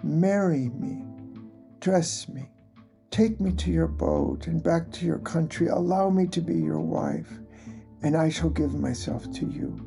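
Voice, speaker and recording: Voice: medium pitch, wildly swooping pitch, a little slow, gravelly, warm tone, soft background music, heavily acted. A storyteller voicing a vengeful female jinn who speaks in a commanding, solemn way.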